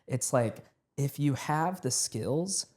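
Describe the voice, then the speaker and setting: A man's voice: medium pitch, expressive, slow pace, darkish tone. A man co-hosting a movie review podcast, talking reflectively with hesitant "uh" fillers. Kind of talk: casual review chat.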